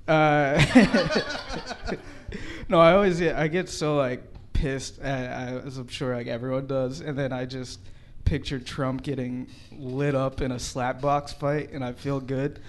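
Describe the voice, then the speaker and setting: A man works through a stand-up set in an easygoing, conversational way, often laughing along with his own jokes. His voice sits at an ordinary middle pitch. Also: fairly even intonation, a little slow, noisy background. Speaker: stand-up comedian.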